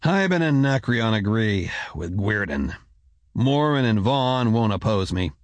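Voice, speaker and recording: A man's voice: on the low side, sing-song, unhurried, no echo. A man doing a cold, commanding ruler. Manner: curt, commanding. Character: stern ruler, middle-aged man, cold and demanding.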